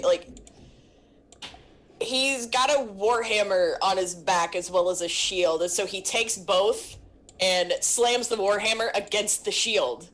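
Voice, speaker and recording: A woman's voice: mid-range voice, fairly bright tone. A woman player casually describing her character's actions in a tabletop game.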